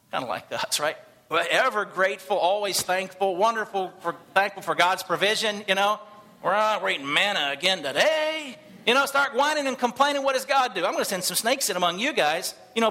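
A man preaches to a congregation, telling his story quickly and with a lot of energy. His voice sits high and sounds bright and forceful. He slips into the voices of the people in his story as he tells it. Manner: animated, acts out quoted voices. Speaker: missionary pastor. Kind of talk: sermon storytelling. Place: church service.

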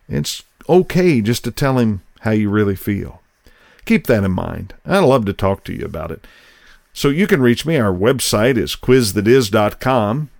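Gravelly-voiced man telling a story. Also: fairly low pitch, a little mellow, no echo, clean studio sound. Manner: folksy, conversational, acts out quoted voices. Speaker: podcast host. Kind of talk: personal storytelling talk.

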